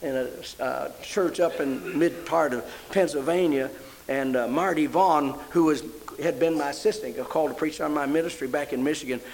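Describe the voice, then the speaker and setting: An older man preaching with a fervent, rising delivery and a fairly high voice. He tells a story plainly and then climbs into emotional praise. A faint hiss sits under the recording. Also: normal speed, vocal fry, a little mellow, rough recording. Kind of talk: sermon.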